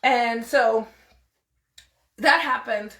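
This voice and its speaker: Animated high-voiced woman telling a story. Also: very slow, roomy sound. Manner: animated, exasperated storytelling with quoted dialogue. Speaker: podcast host. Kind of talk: casual storytelling.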